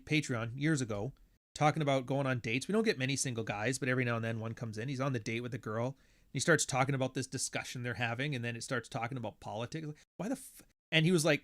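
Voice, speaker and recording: A man hosting a podcast, talking in a blunt, profane, sardonic rant and slipping into quick impressions of other people as he tells stories. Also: mid-range voice. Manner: animated, mimics others mid-story. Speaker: podcast host. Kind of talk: casual ranting monologue.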